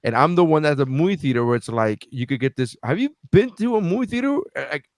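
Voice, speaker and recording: A man co-hosting a podcast in casual chat, telling stories with lots of swearing and jumping into high voices for quotes. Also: quick pace, no room sound, clean studio sound. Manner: animated storyteller, acts out quotes with big pitch jumps, swears freely. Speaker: podcast co-host.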